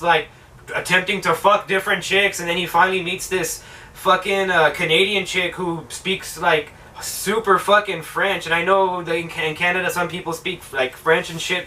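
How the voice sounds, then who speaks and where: A man's voice: sits high, pushed and bright, far from the mic. A young man giving a rambling, profane and sarcastic film review. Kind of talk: casual film review rant.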